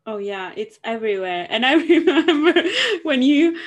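A woman co-hosting a casual podcast, talking in a relaxed, dry way and chuckling now and then. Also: sits high, moderate pace. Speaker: podcast co-host. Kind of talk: casual chat.

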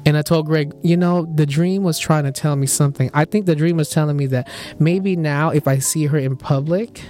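A man's voice: fairly high pitch, steady tone, normal speed, warm tone. A young man hosting a podcast, animatedly telling a dream story with laughs, casual chat among friends. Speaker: podcast host.

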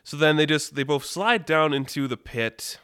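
A man with a smooth, clear voice spins a casual, rambling made-up story with lots of fillers. His voice is close to the mic and dry, with no room sound. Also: a little high, a little slow, no room sound. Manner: rambling, animated, many "like" fillers.

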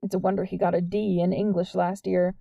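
A woman narrating a novel in a steady, measured storytelling voice. Her tone is mellow with a gravelly, fry-tinged edge. The recording is close and dry. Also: lowish voice, no echo, muffled recording. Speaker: audiobook narrator. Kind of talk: scripted narration.

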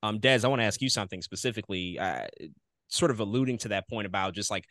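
A man's voice: on the low side, fast talker, fairly bright tone, no echo, clean studio sound. A man hosting a casual podcast discussion, musing and thinking aloud as he poses questions to his guests. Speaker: podcast host. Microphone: podcast microphone.

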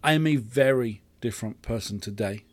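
A man's voice: mid-range voice, a little fast, no echo. Earnest man giving a faith talk. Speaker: podcast host. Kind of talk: reflective faith teaching.

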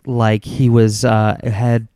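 Male co-host, mid-pitch, warm mellow voice, halting and rambling, casual movie chat. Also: level tone, smooth, no room sound. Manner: rambling, halting, many restarts.

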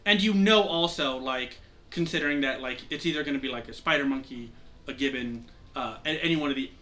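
A man's voice: medium pitch, fairly quick, pushed and bright. A young man narrating a tabletop game as game master, rambling with lots of fillers. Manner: rambling, heavy use of "like" fillers.

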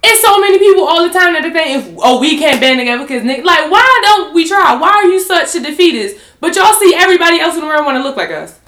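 A woman's voice: very high-pitched, expressive, fast, few pauses, a bit bright, roomy sound. A woman co-hosting a podcast, talking in a blunt, heated and profane way in casual chat. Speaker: podcast co-host.

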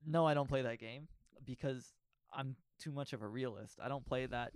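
A young man hosting a casual podcast chat, animated and prone to repeating his words as he starts a thought. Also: mid-range voice, moderate pace, no room sound, studio quality. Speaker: podcast host. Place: podcast studio.

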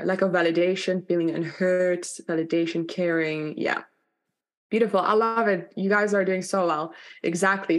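Woman, workshop facilitator, low-ish voice, candid, casual, swears bluntly, video call. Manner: candid, chatty, with frequent "like" fillers and blunt swearing. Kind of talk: live online workshop talk.

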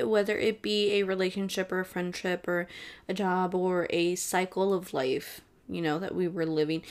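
A young woman hosting a casual solo podcast, chatty and blunt, and she swears freely. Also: lowish voice. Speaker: podcast host.

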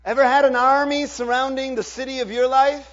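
Man preaching, high voice, dramatic loud-soft swings, dull lo-fi recording with mains hum. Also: flat delivery, a little fast. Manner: dynamic, swings from loud to hushed. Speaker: pastor. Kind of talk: sermon.

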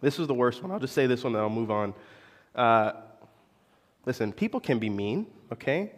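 A young adult man and pastor telling a personal story in a sermon, animated, confessional and poking fun at himself. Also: medium pitch, moderate pace. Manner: animated, confessional, self-mocking. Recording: long echo of a large hall.

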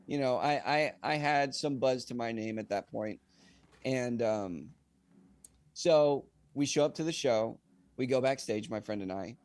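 A young man, a singer-songwriter guest on a podcast, telling a casual anecdote in an animated way and acting out the dialogue. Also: mid-range voice, unhurried, no room sound. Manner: animated, acts out quoted dialogue.

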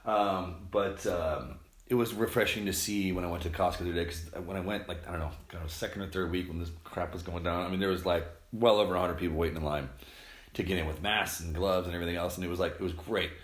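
A middle-aged man rambling casually to camera at home, telling stories in an animated, swearing way. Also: low-pitched, fast talker. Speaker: vlogger. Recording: roomy echo.

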